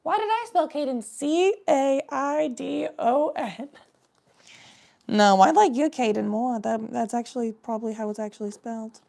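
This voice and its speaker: A woman's voice: on the high side, lively intonation, moderate pace, creaky, dark tone. A woman voicing a silly psychic stoner woman in a put-on New Jersey accent, giving a brash, profane live-stream tarot reading.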